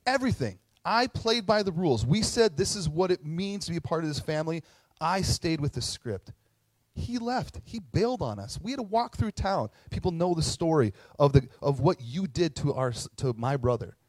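A man's voice: fairly high pitch, dry recording, voice pushed up, poor audio. Male preacher voicing a resentful older son, aggrieved, voice climbing, dry sound. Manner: indignant, complaining. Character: resentful dutiful older son, indignant and bitter.

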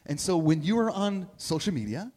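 A man's voice: sits high, sing-song, normal speed, warm tone. A middle-aged man giving a sermon as a pastor, telling stories in a conversational way and asking "right?" often. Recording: long reverb of a big hall.

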